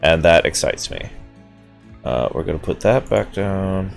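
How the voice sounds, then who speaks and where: Deep-voiced, rambling gameplay host. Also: male voice, animated, measured pace, gravelly, faint music behind. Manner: rambling, self-amused, casual swearing. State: sleepy, just woken up. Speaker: let's-play host. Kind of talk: gameplay commentary.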